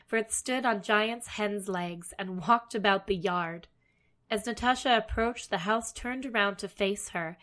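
A woman storyteller reading a fairy tale aloud, steady with wry asides. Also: medium pitch.

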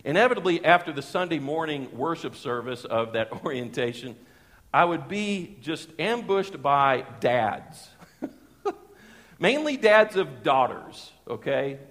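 A middle-aged man, preaching a sermon as a pastor and telling a personal story in a lively, folksy way with chuckles. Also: fairly high pitch, measured pace. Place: church sanctuary. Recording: long church hall reverb.

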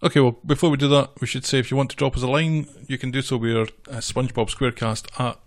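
A man's voice: mid-range voice, fairly even intonation, fast talker. A man co-hosting a casual podcast from a small office, making dry remarks while recapping an episode. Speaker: podcast co-host.

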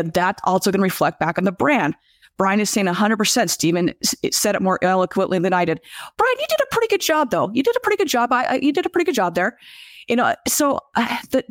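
Animated woman podcast host, dry sound. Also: lowish voice, dry recording. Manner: animated storyteller, frequent restarts, reads out viewer comments. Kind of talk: casual livestream chat.

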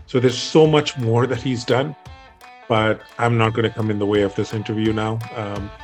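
A man's voice: fairly low pitch, fairly even intonation, normal speed, soft background music. A man hosting a podcast, upbeat and talking straight to his listeners. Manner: upbeat, addresses listeners as folks. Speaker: podcast host. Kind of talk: podcast interview.

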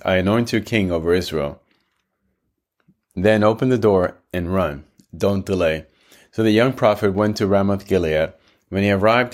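A man reading scripture aloud in a measured, steady narration. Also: low voice.

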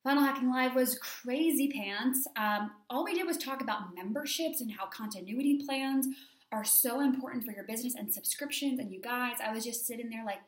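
A woman's voice: fairly high pitch, a little fast, reverberant. A young adult woman hosting her own podcast as a business coach, chatting casually and gushing, with lots of "like" fillers. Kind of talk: casual solo podcast chat.

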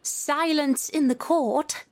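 Fussy storybook rabbit herald, put on by a woman: high, ringing, slow. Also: lively intonation, very noisy. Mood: shrill. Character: fussy flustered male White Rabbit herald.

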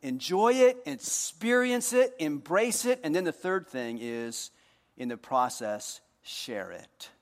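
High-voiced pastor preaching in a reverberant hall. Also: male voice, lively intonation, takes it slowly. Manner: swings from hushed earnest lows to loud playful highs; jokey, talks directly to the congregation. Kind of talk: sermon. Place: church hall.

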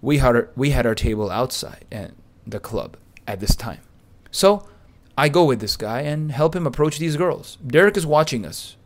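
A man narrating a podcast story from a script, with a boastful, pumped-up delivery. He leans on crude slang and gets louder at the exciting parts. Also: medium pitch, moderate pace. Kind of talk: reading a first-person anecdote aloud.

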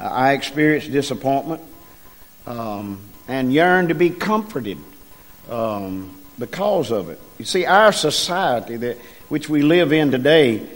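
A middle-aged man preaching a sermon in a folksy, halting way, with frequent ums and slow emphasis on key phrases. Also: medium pitch.

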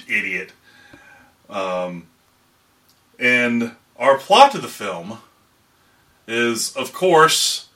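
Bright-voiced man, a bit off-mic. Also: mid-range voice, recorded from a distance. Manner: loose, profane, laughing often. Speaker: podcast co-host. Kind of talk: casual movie review chat.

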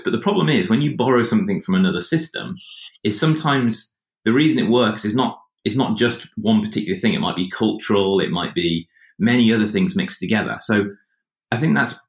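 A man hosting an interview, reflecting and thinking aloud as he asks questions. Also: on the low side. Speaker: podcast host. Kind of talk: conversational interview. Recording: roomy echo.

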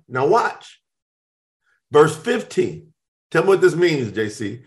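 A man's voice: a little high, slow, pauses often. A middle-aged man in a casual discussion, explaining Hebrew names and acting out both sides of conversations as he tells stories. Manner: animated storytelling, acts out both sides of conversations.

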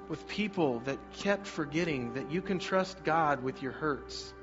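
Brief: a male pastor mid-sermon, energetic, faint music underneath. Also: on the high side, lo-fi sound. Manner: energetic preaching, asks the congregation to repeat lines.

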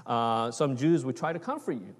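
A man's voice: medium pitch, normal speed. Man preaching casually in a reverberant hall. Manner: casual, checks in with "right?" and "okay?". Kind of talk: conversational sermon. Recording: long reverb of a large hall.

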